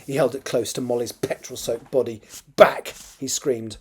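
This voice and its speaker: Husky, mellow-voiced male author reading aloud. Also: mid-range voice, fairly quick. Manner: steady storytelling read with occasional self-corrections. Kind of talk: reading his own novel draft aloud.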